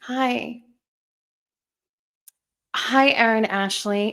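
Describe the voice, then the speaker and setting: A woman's voice: medium pitch, slow, long pauses, a bit bright. A woman hosting a casual livestream, chatting playfully with viewers from a bare bedroom at home into a desk microphone. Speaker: livestream host.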